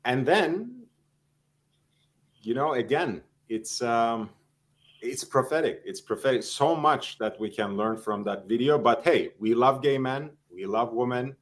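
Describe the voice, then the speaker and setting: A man's voice: mid-range voice, lively intonation, a little slow. A man co-hosting, commenting wryly on a clip. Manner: wry, joking.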